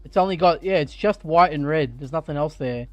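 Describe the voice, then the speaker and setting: An Australian man chatting on a live stream while sim racing, thinking out loud and getting excited. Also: fairly high pitch, brisk, no room sound, faint music behind. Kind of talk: live-stream gaming chat. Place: home sim racing rig.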